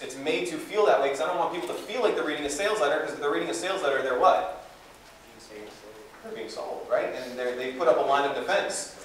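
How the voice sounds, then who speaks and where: A man giving a live seminar talk to an audience in a conference room, energetic and conversational with plenty of fillers and asides. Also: medium pitch. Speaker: guest speaker. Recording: echoey room from far off, faint hiss.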